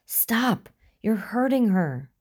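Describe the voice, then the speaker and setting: A frightened young man in an audiobook thriller, his strained whispers and pleas pushed up high and tight, voiced by a woman narrator. He is protective and panicked, and his voice strains to the breaking point. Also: a little slow, warm tone, lightly acted. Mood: desperate. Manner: tense, strained whispering and pleading.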